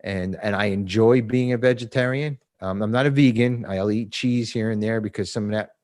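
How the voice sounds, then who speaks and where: A man's voice: on the low side, fairly even intonation, normal speed, darkish tone. Blunt, profane man in his fifties. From New Jersey. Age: 50s. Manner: blunt and profane, with frequent laughs. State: emotional. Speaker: podcast guest. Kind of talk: casual recovery interview.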